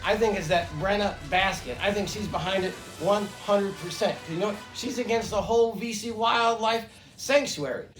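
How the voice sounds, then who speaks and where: A man's voice: high voice, moderate pace, few pauses, lightly acted. A man playing a brash, rambling male big-cat zoo owner in a comedy skit. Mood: accusing. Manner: rambling, boastful, repeats himself. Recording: echoey room with music behind.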